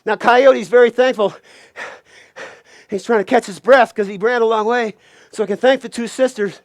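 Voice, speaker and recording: A man telling a folk tale aloud, animated, with playful asides. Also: very high-pitched, moderate pace, dry recording, studio quality. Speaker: storyteller.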